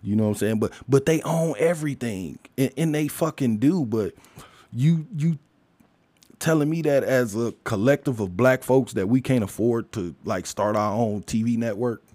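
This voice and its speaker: A man's voice: mid-range voice, moderate pace, dark tone, no echo. A man ranting in a casual monologue, blunt and emphatic, swearing heavily and firing rhetorical questions at listeners. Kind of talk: casual profane rant.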